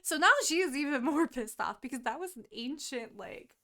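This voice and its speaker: Animated young woman recapping a book. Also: high voice. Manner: animated, swearing, laughing, quick quoted asides. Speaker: podcast co-host. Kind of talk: casual book recap chat.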